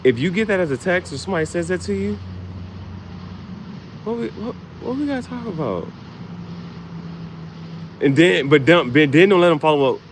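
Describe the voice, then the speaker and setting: Man, casual vlog monologue, very animated pitch, laughing, swearing, slangy, faint background noise. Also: moderate pace, pauses often. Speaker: vlogger.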